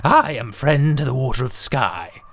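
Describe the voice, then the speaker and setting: A man voicing a sly, goblin-like riddling creature, intoning riddles in a gravelly, creaky voice. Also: animated, moderate pace, fairly bright tone. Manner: intoning riddles with swooping pitch.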